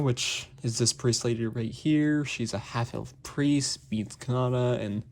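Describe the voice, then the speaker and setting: A man's voice: mid-range voice, measured pace, a little mellow. A young man giving a casual, rambling book review, packed with fillers and restarts. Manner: rambling, heavy on fillers like "like" and "basically".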